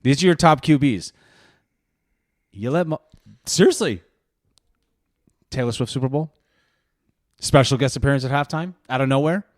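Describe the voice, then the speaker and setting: A man's voice: mid-range voice, normal speed, pauses often, no room sound, clean studio sound. A man co-hosting a casual beer podcast, joking and teasing his co-host and laughing often.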